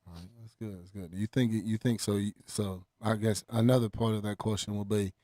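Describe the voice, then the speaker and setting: A man's voice: fairly low pitch, steady tone, a little fast, dark tone, dry recording, lightly acted. A man putting on a mock-formal sports interviewer with a put-on accent, speaking in a studio. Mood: earnest. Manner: mock-formal, indignant when teased. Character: mock self-important male sports interviewer.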